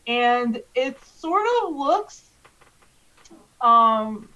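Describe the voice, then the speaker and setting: A woman's voice: fairly high pitch, animated, drawn-out words, bright, forceful tone, lo-fi sound. A woman narrating as game master of a tabletop game, hesitant with many ums and likes.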